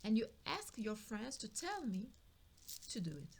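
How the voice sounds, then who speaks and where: A woman's voice: a little high, sing-song, unhurried, slight background noise. A woman voicing a wealthy man who is walking out on his partner, blunt and clipped as he insists on leaving now. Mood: cold.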